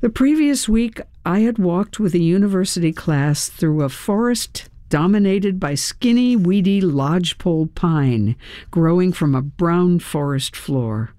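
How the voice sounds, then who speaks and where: A woman reading her own memoir aloud in an unhurried, reflective way, with soft laughs. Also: lowish voice, expressive, no echo, clean studio sound. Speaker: memoir reader.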